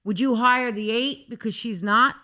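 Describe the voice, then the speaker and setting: A woman's voice: a little high, normal speed, pushed and bright. A woman guest on a podcast, talking in casual chat, blunt and emphatic.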